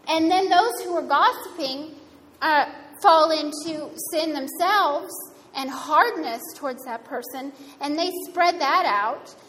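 A woman's voice: high voice, slow pace, a bit bright. A woman giving a sermon in a conversational, wryly humorous way. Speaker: preacher. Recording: reverberant hall, faint room noise.

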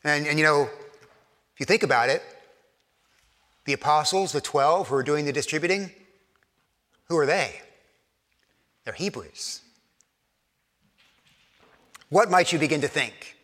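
A man's voice: fairly high pitch, unhurried, pauses often, a bit bright. A man preaching a sermon in a conversational way, often repeating words and acting out imagined quotes. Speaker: pastor. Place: church. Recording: long church reverb.

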